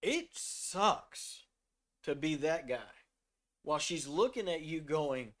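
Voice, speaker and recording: Middle-aged man, slightly raised pitch, earnest storyteller, faith discussion. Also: normal speed. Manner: earnest, storytelling, drops to a soft voice when quoting himself. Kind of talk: faith discussion, reading scripture.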